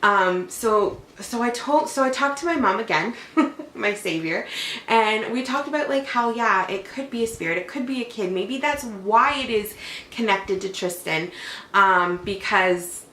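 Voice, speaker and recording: Speaking at a measured pace, a young adult woman who is a mother and vlogger sounds animated and fairly bright in her mid-range voice. She casually rambles through a personal story at home, filling it with "like," and the recording has room echo and a faint hum.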